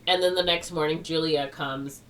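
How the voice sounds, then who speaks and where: A woman whose voice sits low and a bit bright, with fairly even intonation and a moderate pace, co-hosts a podcast. She retells a plot loosely and rambles, heavy on "like" and "or whatever", through a distant mic with faint background noise.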